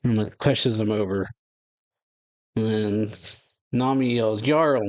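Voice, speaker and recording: A man's voice: fairly low pitch, fairly even intonation, slow, a little mellow, low-quality recording. A man hosting a reaction video, casually reading a manga chapter aloud and paraphrasing it, now and then stumbling over names. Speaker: anime reaction channel host.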